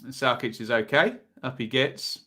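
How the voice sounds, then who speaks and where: A man's voice: medium pitch, moderate pace, bright, forceful tone. A man with an East Anglian accent hosting a live football watch-along, giving chatty running commentary and reacting to viewers in the chat.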